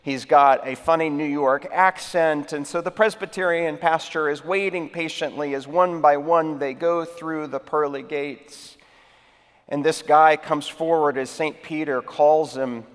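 Male pastor, sermon, emphatic storytelling, higher-pitched, big echoing sanctuary. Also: fairly even intonation, unhurried, smooth.

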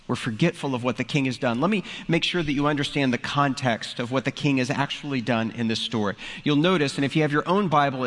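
A man's voice: mid-range voice, fairly bright tone. Conversational male pastor, hall echo. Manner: conversational, explaining with asides. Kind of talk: sermon. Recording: reverberant hall.

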